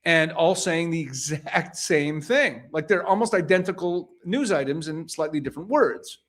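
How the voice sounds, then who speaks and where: A man works through a run of news items, reading each one aloud before restating it bluntly in his own words. His voice sits a little higher than most men's, and he presses his points with rhetorical questions. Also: animated, normal speed, fairly bright tone. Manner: reads passages then paraphrases them pointedly, with rhetorical questions. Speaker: news commentator. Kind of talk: reading headlines aloud and commenting.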